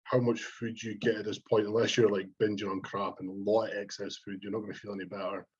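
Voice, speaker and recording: A man's voice: fairly low pitch, fast talker, breathy edge. A young Scottish man co-hosting a podcast, chatting casually and swearing freely. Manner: sweary, rambling, quotes himself in lively bursts. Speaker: podcast co-host, bodybuilder. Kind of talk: casual chat. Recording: dull lo-fi sound.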